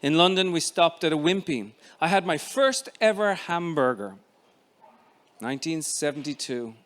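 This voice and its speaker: A man in his fifties with an Irish accent reads his own memoir aloud. His voice sits a little high for a man. He reads in a measured, expressive way with frequent pauses. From Ireland. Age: 50s. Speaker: author.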